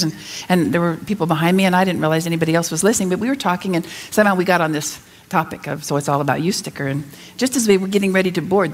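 A woman speaking to an audience, telling a story in an animated, laughing way. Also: on the low side.

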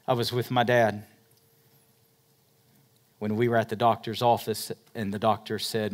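A middle-aged male pastor, preaching a sermon and moving between loud emphatic passages and quiet, slow ones. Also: fairly low pitch, level tone.

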